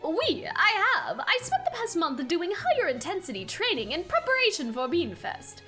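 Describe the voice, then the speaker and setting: Theatrical young French hunter with a big put-on accent, read by a woman, high and lively. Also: normal speed, soft background music, exaggerated voice.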